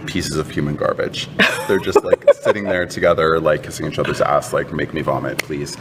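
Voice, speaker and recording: A man's voice: very deep voice, brisk, slight background noise. A man co-hosting a casual entertainment news chat, snarky and blunt. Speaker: co-host.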